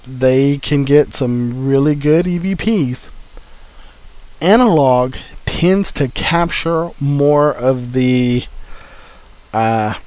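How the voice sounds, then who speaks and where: Guy walking you thru recorder setup, practical, lots of uhs, mid pitch. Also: darkish tone. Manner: plain, practical, with frequent "uh" fillers. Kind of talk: informal instructional talk.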